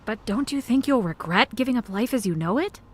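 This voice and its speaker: A woman's voice: on the high side, lively intonation, brisk, husky. A probing young woman detective. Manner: direct, probing. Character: sharp young woman detective questioning suspects. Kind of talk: video game voice acting.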